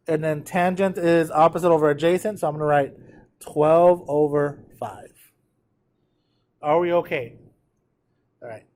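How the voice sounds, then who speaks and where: Guy teacher going over math notes with his class, kinda high voice, chatty, keeps checking in with everyone. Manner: chatty, checks in often with class, slows to dictate numbers. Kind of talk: classroom lecture on trig notes.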